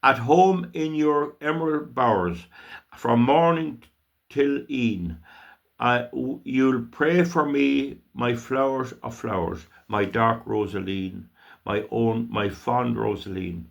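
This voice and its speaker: An older man from Ireland reciting a poem with slow, emotional, declaiming delivery. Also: medium pitch, vocal fry, lo-fi sound. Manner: slow, emotional, declaiming with long drawn-out phrases. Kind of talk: dramatic poetry recitation.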